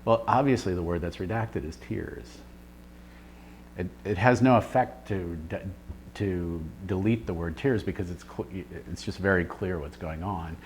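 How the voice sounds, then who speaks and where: A man, talking things through slowly in an interview, pausing on fillers and restarting his sentences. A faint hum sits under the recording. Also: sits low. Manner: thoughtful, with many fillers and restarts. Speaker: writer and editor. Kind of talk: reflective interview answers.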